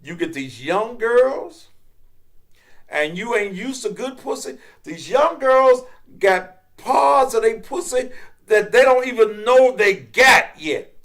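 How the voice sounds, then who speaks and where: A man's voice: very high-pitched, animated, slow pace, fairly bright tone. A man with a Memphis Southern accent hosting his own show, talking brashly and profanely in unscripted commentary. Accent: Memphis Southern American. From North Memphis, USA.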